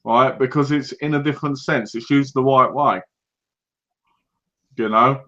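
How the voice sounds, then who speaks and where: A man's voice: medium pitch, fairly even intonation, a little slow, sharp tone, muffled recording. A man co-hosting a casual livestream chat, rambling and laughing often. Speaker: co-host.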